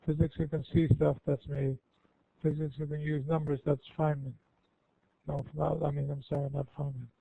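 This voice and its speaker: Folksy and rambling, an older guest speaker takes students' questions informally, frequently correcting himself. His fairly high voice has vocal fry, with no echo, and the recording sounds tinny, like a phone line.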